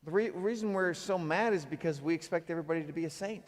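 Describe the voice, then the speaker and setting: A man preaching a sermon as pastor, animated, moving between loud acted outbursts and quiet reflective passages. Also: fairly high pitch, fast talker, big-room sound, a little hiss or hum. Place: church sanctuary.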